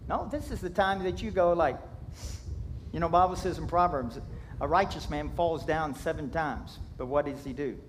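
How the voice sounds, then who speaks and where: A man's voice: on the high side, moderate pace, slight background noise. A man from Kentucky, preaching a sermon in a folksy, jokey storytelling way, acting out sound effects. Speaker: pastor.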